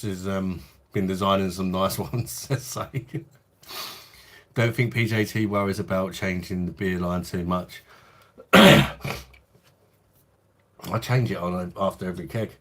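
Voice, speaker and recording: A man's voice: sits low, steady tone, measured pace, long pauses, a bit bright. A man in his late thirties with a London accent, chatting casually on a beer review livestream and answering viewer comments in a laid-back way. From London, England. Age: 30s. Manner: laid-back, chatty, says mate a lot.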